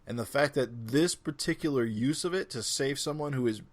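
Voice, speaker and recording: A man's voice: mid-range voice, moderate pace. A man co-hosting a comic book podcast, steadily arguing and explaining his point. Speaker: podcast co-host. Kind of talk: casual chat.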